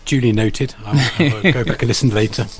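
A man's voice: medium pitch, fairly quick, darkish tone. A man co-hosting a podcast who chimes in with teasing quips. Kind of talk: casual chat.

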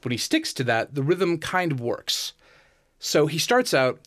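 A man's voice: fairly high pitch, very animated, takes it slowly, creaky, a bit bright. A man co-hosting a casual discussion, methodically breaking down song lyrics and counting syllables aloud. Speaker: podcast co-host critiquing song lyrics.

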